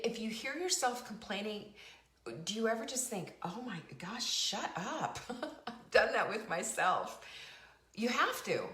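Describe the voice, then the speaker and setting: Middle-aged woman host, lively preachy motivational delivery, echoey room. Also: mid-range voice. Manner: emphatic, preachy, repeats phrases, asks the audience questions. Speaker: show host. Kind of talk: motivational talk to a live online audience.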